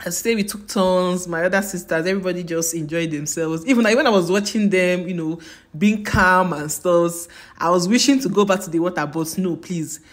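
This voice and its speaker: A woman's voice: on the low side, brisk. A woman, retelling her experience in a casual vlog with dramatic, emphatic repetition. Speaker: travel vlogger.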